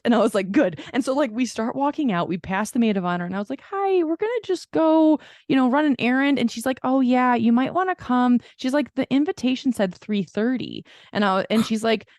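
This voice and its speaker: A woman's voice: mid-range voice, no echo. A woman co-hosts a podcast and tells a rambling story in a loose, casual way. She swings into voices for the people she quotes. Her voice sits in a middle range and sounds close and dry. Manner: animated storyteller who acts out quoted people. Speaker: podcast co-host.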